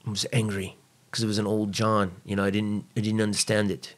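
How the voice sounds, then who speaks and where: A man's voice: lowish voice, flat delivery, brisk. A man guest on a podcast, telling a personal story casually and bluntly, swearing freely. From United States.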